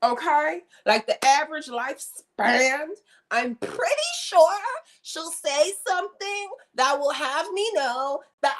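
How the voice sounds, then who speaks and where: Her voice is high and a bit bright, with lively intonation and a slow delivery. She's a young livestream host talking casually and frankly to viewers, circling back to repeat herself for effect, recorded through a streaming setup.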